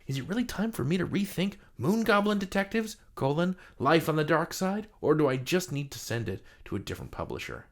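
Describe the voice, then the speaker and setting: A man's voice: on the high side, sing-song, a little fast, hardly any pauses. A man teaching a vocabulary lesson in a playful, jokey, theatrical scripted style.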